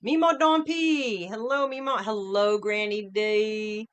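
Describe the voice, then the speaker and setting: A woman's voice: mid-range voice, steady tone, slow pace, clear, resonant tone. A middle-aged woman hosting a casual livestream from home, chatting upbeat and greeting viewers by name one after another. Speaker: livestream host.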